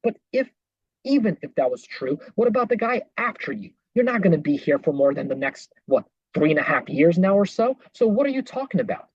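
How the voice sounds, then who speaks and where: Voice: mid-range voice, very animated, a little fast, a little mellow, slightly rough, no echo. A podcast host giving political commentary between clips, rebutting with indignant sarcasm. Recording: dull lo-fi dry recording.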